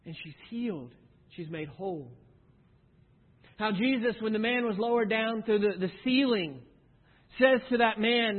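Earnest high-voiced male preacher, tinny reverb. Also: normal speed. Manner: earnest, stumbles and repeats words, rhetorical questions. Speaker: pastor. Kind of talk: sermon. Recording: tinny phone-like sound with long hall reverb.

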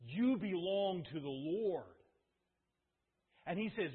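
A man's voice: sits high, animated, unhurried, pauses often, husky. A male pastor preaching an earnest, emphatic sermon in a church, repeating his points. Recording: tinny, echoey church hall.

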